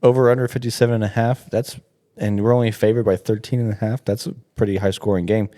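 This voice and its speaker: A man's voice: on the low side, steady tone, fast talker, warm tone. A man co-hosting a casual sports podcast, easygoing and profane as he leads the game previews. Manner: laid-back, swearing, runs the topics. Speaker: podcast co-host.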